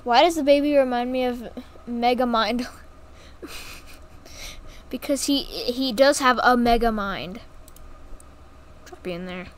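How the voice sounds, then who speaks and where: Giggly woman gamer, high and unhurried, teasing chatter. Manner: giggly and teasing, full of exclamations. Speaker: gaming YouTuber. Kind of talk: casual gameplay commentary.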